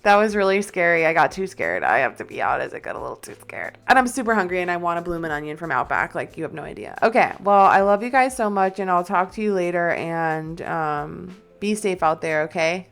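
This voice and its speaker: A woman's voice: on the low side, lively intonation, brisk, few pauses, a bit bright, clear, resonant tone. A young woman streaming a horror game, talking casually into a desk microphone, nervous and often dropping to frightened whispers. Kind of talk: casual gaming live stream chat.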